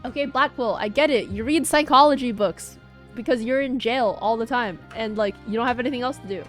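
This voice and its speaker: A young woman streaming a game, making sarcastic, quick, casual asides. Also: a little high, faint music behind.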